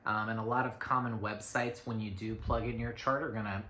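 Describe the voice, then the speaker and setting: This astrology reader talks quickly in a fairly low voice that barely moves in pitch, sounding pushed and bright. He rambles through a casual forecast full of fillers and muttered asides, recorded in an echoey room with faint noise.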